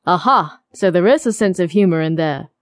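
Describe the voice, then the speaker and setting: A woman doing a low, teasing charmer of a man. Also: animated, normal speed, no echo, clean studio sound, close to an everyday voice. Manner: playful, wry, lower-pitched.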